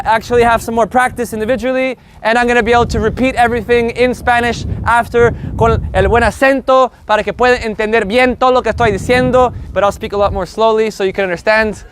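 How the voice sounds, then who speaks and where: A man's voice: very high-pitched, a little hiss or hum. A man teaching a casual live Spanish group lesson, brash and joking, swearing casually as he explains.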